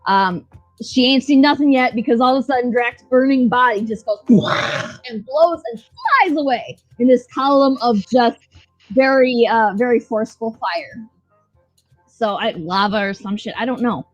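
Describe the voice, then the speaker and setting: A woman's voice: a little high, normal speed, no room sound, dull audio, soft background music. A woman co-hosting a podcast, recapping a show in casual, blunt, profane, joking chat. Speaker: podcast co-host.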